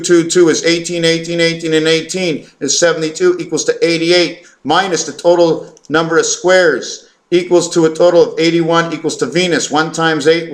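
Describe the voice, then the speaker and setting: A man with a fairly high-pitched voice talks straight to the viewer in a rambling, self-interrupting monologue. He stumbles over words, fills pauses with "uh" and "um", and reels off long chains of numbers at a hurried clip. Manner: hesitant, stumbling, full of fillers and self-corrections; fast, run-on counting and reciting of numbers. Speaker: vlogger. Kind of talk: rambling numerology monologue to camera.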